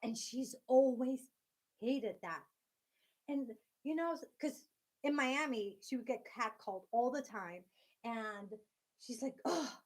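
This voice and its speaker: A woman's voice: a little high, slow. A woman hosting a casual live stream from home, chatting directly with her viewers and laughing often.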